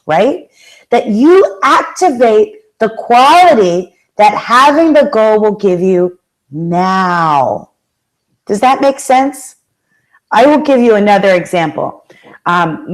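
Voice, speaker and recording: A woman giving a motivational talk, telling stories with lively acted-out quotes and direct questions to the audience. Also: mid-range voice, poor audio. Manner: animated storytelling, acts out quoted voices. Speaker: motivational speaker and life coach.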